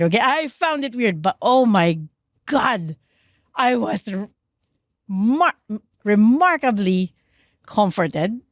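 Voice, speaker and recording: A middle-aged woman with a Filipino accent, chatting on a podcast as a guest and trauma researcher. She tells her story with animated energy, mixes English with Tagalog, and shrieks when she acts out screams. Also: medium pitch, no echo, clean studio sound. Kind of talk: casual podcast chat.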